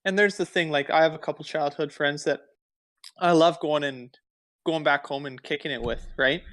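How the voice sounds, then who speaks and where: Man, slightly high voice, podcast co-host, casual chat, laid-back. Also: steady tone, moderate pace, fairly bright tone. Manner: laid-back, many fillers and "right?" tags.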